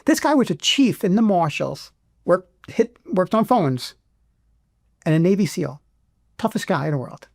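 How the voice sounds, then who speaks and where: A middle-aged man, a veteran guest in an interview, speaking with emotion and pausing often to restart. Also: high voice, sing-song, creaky, no echo, studio quality. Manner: emotional, halting, many restarts.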